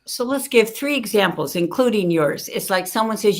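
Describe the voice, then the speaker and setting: A middle-aged woman teaching communication, lively, acting out both sides of conversations as examples. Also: mid-range voice, normal speed, hardly any pauses. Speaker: guest communication expert. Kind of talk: animated teaching with acted-out dialogue.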